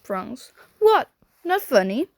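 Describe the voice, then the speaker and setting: A woman's voice: high voice, very animated, slow pace, creaky, a little mellow, no room sound, studio quality, full character voice. A woman reading a fan audiobook, voicing a cheeky young man joking by text with a friend. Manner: joking, offhand. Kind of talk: amateur fanfiction audiobook.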